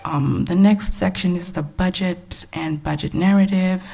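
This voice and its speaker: Young Texan woman, city grants presenter: measured and soft-spoken, low pitch, husky fry. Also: fairly even intonation. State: short of breath. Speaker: grants evaluation staff presenter. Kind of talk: presenting at a public workshop.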